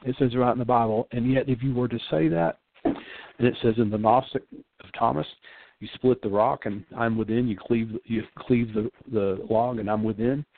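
A man's voice: medium pitch, steady tone, moderate pace, gravelly, dry recording. An older man, a pastor, giving an earnest sermon-style radio talk and repeating phrases for emphasis. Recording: phone-like dry line.

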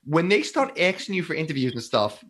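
A man's voice: fairly high pitch, sing-song, fairly quick, a bit bright. A man hosting a podcast, asking long rambling questions in a chatty, joking way. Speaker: podcast host. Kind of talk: casual interview.

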